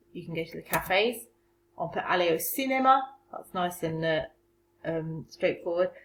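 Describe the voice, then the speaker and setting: A woman's voice: fairly low pitch, poor audio. A woman teaching a recorded remote French lesson, patiently explaining phrases step by step.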